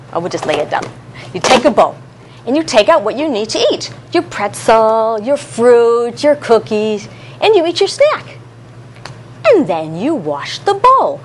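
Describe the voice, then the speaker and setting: A woman leading a classroom lesson for young children, coaxing them through call-and-response in an animated, sing-song way. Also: on the high side, moderate pace, slight background noise. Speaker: early childhood educator.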